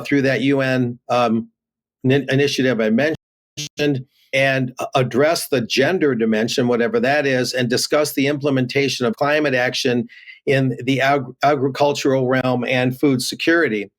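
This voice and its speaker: A man's voice: mid-range voice, fairly even intonation, normal speed. A man giving remote news commentary, reading headlines aloud with many fillers and restarts.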